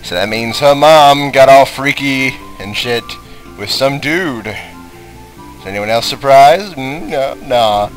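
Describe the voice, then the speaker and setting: A man's voice: mid-range voice, takes it slowly, faint music behind, poor audio. A man giving casual, crude and sarcastic commentary while playing a game. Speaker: let's play commentator.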